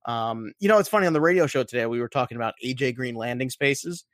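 A man's voice: medium pitch, quick pace, no room sound, studio quality. A man co-hosting a fantasy football show, chatting casually and emphatically, repeating points for emphasis. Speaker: fantasy football podcast co-host. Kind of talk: casual sports betting chat.

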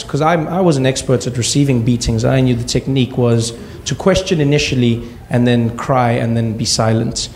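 Male stand-up comic, mid-pitched and gravelly, leaps up high when quoting others. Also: moderate pace, few pauses, a little mellow, a little hiss or hum. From South Africa. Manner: acts out quoted voices with sudden high-pitched outbursts. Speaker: comedian. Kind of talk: stand-up storytelling.

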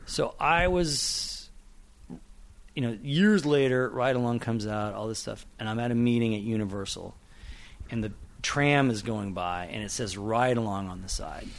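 Middle-aged male screenwriter guest, from Oklahoma, animated and anecdotal, mid-pitched. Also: moderate pace. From Oklahoma, USA. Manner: animated storyteller, acts out quotes, laughs often. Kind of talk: casual interview chat.

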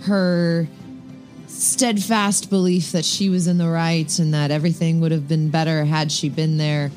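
A woman's voice: sits low, level tone, unhurried, a little mellow, faint music behind. A woman co-hosting a podcast, chatting casually and thinking aloud with frequent restarts. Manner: thoughtful, rambling with frequent restarts. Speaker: podcast co-host. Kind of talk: casual chat.

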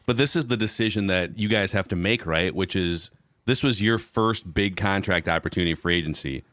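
A man hosting a podcast, chiming in with quick questions and teasing remarks. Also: deep voice, a bit bright, dry recording. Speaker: podcast host. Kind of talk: casual chat.

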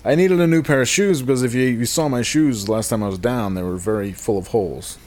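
A man's voice: mid-range voice, fairly quick, darkish tone. A man telling a rambling, self-deprecating comic story on a podcast, swearing and laughing at himself.

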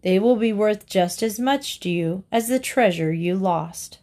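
A woman's voice: medium pitch, measured pace, mellow, close to an everyday voice. A woman voicing a sensible male stranger who questions and advises a miser in a storybook reading. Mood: puzzled. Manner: questioning, reasoning. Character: sensible, puzzled male passerby.

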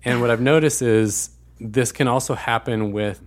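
A man co-hosting a podcast, talking in a relaxed, thoughtful way. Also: medium pitch, normal speed. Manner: relaxed, thoughtful, laughs easily. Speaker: podcast co-host. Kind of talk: casual podcast chat.

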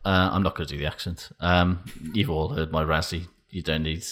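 A man with a deep, low voice talks rugby news on a podcast. His delivery is dry and sweary, and he often breaks into laughter. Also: little pitch movement, a little fast, a bit bright. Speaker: podcast co-host. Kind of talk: casual rugby chat.

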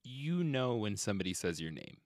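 A male podcast host chatting casually in a small studio, playful and quick to laugh. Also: fairly low pitch, very animated, no room sound. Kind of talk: casual chat.

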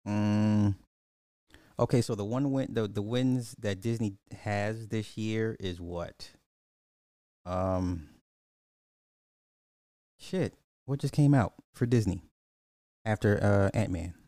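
A man's voice: on the low side, slow, pauses often, dark tone, no room sound, studio quality. A man hosting a casual live podcast, rambling through movie box office talk and answering chat comments with frequent restarts.

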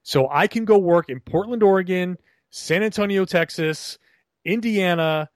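A fairly high-voiced young man from Rhode Island, his regional accent trained into a neutral broadcast delivery. He tells stories in an animated, chatty way, stumbling and restarting as he goes. The recording is dry and close. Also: unhurried, dry recording. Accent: neutral General American, trained. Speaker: guest, broadcaster and blogger. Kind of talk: casual podcast interview.

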